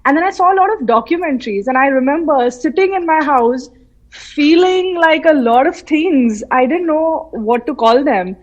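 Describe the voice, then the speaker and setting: A woman from central India speaks as an interview guest on a remote call, her voice sitting a little high. She tells her story with lively animation and acts out the voices she remembers. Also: moderate pace, muffled recording. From Madhya Pradesh, India. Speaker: guest, film artist. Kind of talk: casual interview. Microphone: remote call from her home city.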